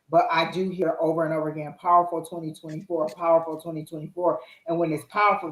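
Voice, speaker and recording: A woman with a low voice chats her way through a live tarot reading, reassuring and loose in her phrasing. She speaks from home, and the sound is roomy with a noticeable echo. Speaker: tarot reader co-host.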